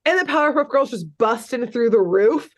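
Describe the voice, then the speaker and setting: A woman co-hosting a podcast, recapping a cartoon episode in casual chat, animated and full of "like", acting out the characters' lines. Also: on the high side, fairly quick, highs cut off. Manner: animated storytelling, lots of "like", acts out characters' lines.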